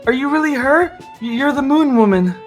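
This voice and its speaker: A man's voice: very high-pitched, animated, moderate pace, faint music behind, voice pushed up. A man voicing a small, timid goblin girl who stammers shyly. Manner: stammering, shy.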